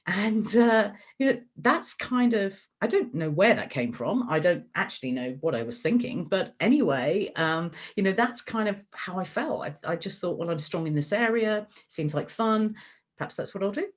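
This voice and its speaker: A woman's voice: medium pitch, lively intonation, moderate pace. A middle-aged woman talking in an interview as the guest, chatty and full of fillers and restarts. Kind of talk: conversational interview.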